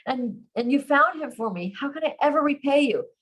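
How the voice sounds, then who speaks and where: A woman voicing an excited young Italian man who has just learned he has a son, speaking in breathless, rising bursts. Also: sits high, slow, husky, pitched above the performer's own voice, full character voice. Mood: overjoyed.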